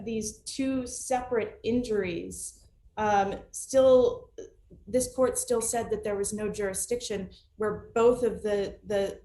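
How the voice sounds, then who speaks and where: A woman's voice: mid-range voice, mellow, roomy sound. A woman attorney arguing an appeal remotely, hesitant with frequent restarts and fillers. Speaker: appellate attorney. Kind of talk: remote oral argument.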